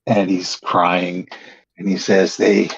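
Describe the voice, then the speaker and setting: A slow, deep-voiced man runs a tabletop game, hesitant and halting as he narrates. His voice is husky. It comes through a dull, lo-fi recording. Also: steady tone. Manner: hesitant, lots of ums and restarts. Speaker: game master.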